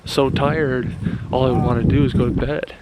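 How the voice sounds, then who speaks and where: A man's voice: medium pitch, moderate pace. A young man from Michigan, a real estate agent, chatting casually in his vlog outdoors. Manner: relaxed, chatty, motivational asides. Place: outdoors in the countryside. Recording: noisy outdoor ambience.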